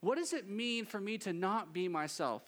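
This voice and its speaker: Lively, high-voiced joking pastor man. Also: normal speed. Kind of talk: sermon.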